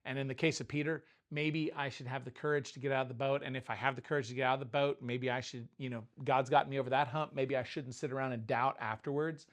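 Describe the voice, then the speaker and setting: A man's voice: mid-range voice, fairly even intonation, fast talker, few pauses. A man giving an informal, joking sermon, often stopping and restarting his sentences. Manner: conversational, self-interrupting, joking asides. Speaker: pastor.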